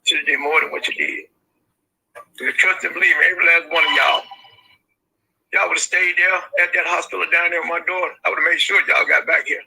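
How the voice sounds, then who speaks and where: A man's voice: on the high side, flat delivery, a little fast, vocal fry, sharp tone, husky, poor audio. A grieving father calling in by phone, speaking emphatically and repeating his points. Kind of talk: call-in conversation.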